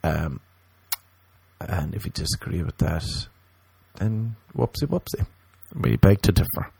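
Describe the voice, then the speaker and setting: A man's voice: deep voice, very animated, unhurried, vocal fry, dark tone, breathy edge. A man hosting a comedy podcast, rambling through a silly monologue and slipping into playful voices.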